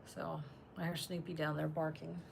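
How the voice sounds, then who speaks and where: A woman's voice: sits low, level tone, normal speed, creaky, noisy background. A woman chatting on a live stream from home, reading comments and laughing often while she talks about her dogs. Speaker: channel host reading live chat. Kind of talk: casual live-stream chat.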